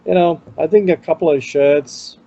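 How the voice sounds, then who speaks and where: A man's voice: fairly high pitch, steady tone, moderate pace, vocal fry, dark tone, lo-fi sound, a little hiss or hum. A man with an Indian accent, co-hosting a casual chat show and giving conference travel tips, talking loosely with lots of "you know". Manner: chatty, fills with "you know". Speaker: podcast co-host.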